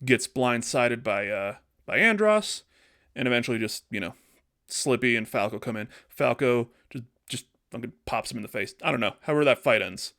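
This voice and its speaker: A man's voice: mid-range voice, animated, vocal fry, fairly bright tone, dry recording, clean studio sound. A man co-hosting a podcast, telling a story in a loose, rambling way on a podcast mic. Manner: loose and rambling, slipping into quick character voices. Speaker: podcast co-host. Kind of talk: casual improvised storytelling.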